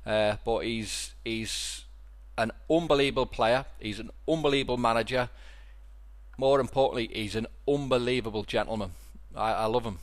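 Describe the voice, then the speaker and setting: This podcast host speaks at a medium pitch and a normal pace. He's from Liverpool, England, with a Scouse accent, and his casual storytelling rambles, with frequent restarts and repeated words.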